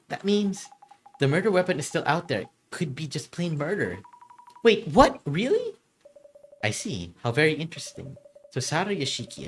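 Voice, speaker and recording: A streamer reading a mystery game's dialogue aloud on a live stream in shifting, animated voices. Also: medium pitch.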